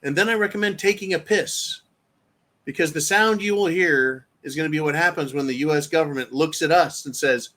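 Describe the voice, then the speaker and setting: A man rants on his own live show in a profane, combative way, his slightly high voice pushed forward and bright with force. He talks straight to his viewers and breaks off to read their comments aloud. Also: brisk. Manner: reads viewer chat aloud. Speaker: show host. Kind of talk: live-stream commentary rant.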